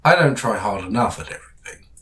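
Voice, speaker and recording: A man from England with a British accent, co-hosting a podcast in casual chat, dry and self-deprecating, often trailing off quietly. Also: lowish voice, lively intonation, quick pace, rough recording. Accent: British English. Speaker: podcast co-host.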